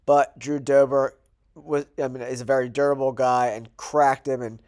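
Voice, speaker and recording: A man's voice: medium pitch, little pitch movement, moderate pace, darkish tone. Guy with a cold, nasal voice, casual chatty picks for his channel, talks it out as he goes. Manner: chatty, thinking aloud with fillers. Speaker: host. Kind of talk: casual betting predictions monologue.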